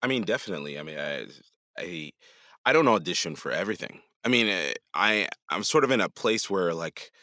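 A man talking as a guest on a podcast, laughing easily and swinging his lowish voice through a wide, lively range. His tone is bright and forceful, and the sound is close and dry. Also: a little fast, dry recording. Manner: animated, laughs often, acts out voices. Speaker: voice actor guest. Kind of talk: casual podcast conversation.

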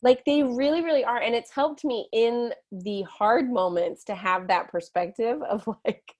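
A woman's voice: fairly high pitch, measured pace, hardly any pauses, darkish tone. A woman in her thirties, a guest telling stories with animation, laughing and acting out quotes. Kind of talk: storytelling in conversation.

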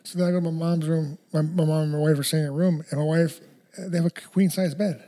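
A young man telling a story in a casual, animated way, laughing often and using slang. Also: on the high side, fast. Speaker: guest, fighter.

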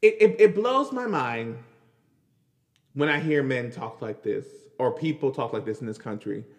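A man hosting a podcast, talking in casual, animated commentary, laughing and repeating himself as he reacts. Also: medium pitch, normal speed, in a large hall. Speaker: podcast host.

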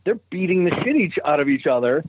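A man from Brockton telling a story in casual chat, animated and profane. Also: on the high side, fast, narrow, tinny audio, noisy background. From Brockton, Massachusetts.

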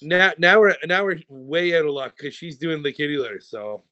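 A man's voice: on the high side, animated, normal speed, bright, forceful tone, dry recording. A man hosting a podcast, joking crudely and laughing often in casual banter. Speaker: podcast host. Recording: dull lo-fi podcast audio.

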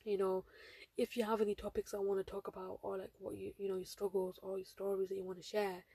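A seventeen-year-old girl hosts her own podcast solo, chatting casually and rambling with plenty of fillers. Her medium-pitched voice is fast, flat, dark, and husky, recorded with no room sound.

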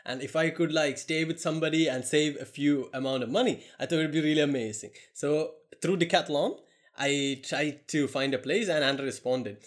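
A young man from Kerala with a Malayali Indian accent, telling stories in a casual chat with lively acted-out quotes and frequent laughter. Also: on the high side, moderate pace. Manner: animated storyteller, laughs often, acts out quotes. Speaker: guest recounting stories.

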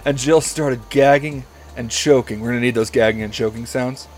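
A man's voice: medium pitch, steady tone, moderate pace, a little mellow, slight background noise. A man hosting a comedy podcast, reading a story aloud and often breaking into giggles.

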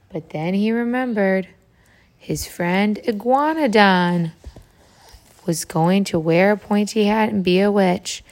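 Woman, storybook read-aloud for children, animated, asks questions, medium pitch. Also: slow. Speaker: reader to children. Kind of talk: reading a picture book aloud to children.

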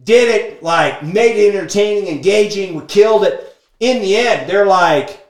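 A man telling a business story in an energetic, emphatic monologue, peppering his talk with "like" and "okay?". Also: sits high, moderate pace. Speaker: speaker sharing business lessons from a book. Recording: echoey room.

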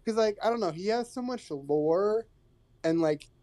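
A man's voice: sits high, expressive, measured pace, dark tone. A man co-hosting a podcast, talking about a film casually and hesitantly, with a lot of fillers. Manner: hesitant, many fillers, agreeable. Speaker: podcast co-host.

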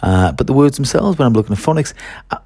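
A man's voice: medium pitch, lively intonation, fast talker, a little mellow, breathy edge, no echo, clean studio sound. A man who teaches French, talking through his methods in a chatty solo podcast, with fillers and restarts.

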